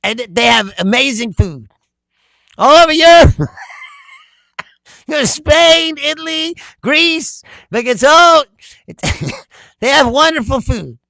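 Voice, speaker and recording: A man's voice: very high voice, expressive, slow pace, creaky, pauses often, pushed and bright, no echo. A man hosting a casual livestream, reading viewer comments aloud, laughing often and swearing freely. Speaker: livestream host.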